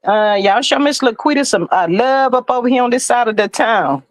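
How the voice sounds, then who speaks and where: A woman hosting a casual livestream, greeting viewers and reading their comments aloud in a lively, chatty way. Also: fairly high pitch, fairly quick, dry recording, poor audio. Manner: lively and chatty, with Southern American slang. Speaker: livestream host.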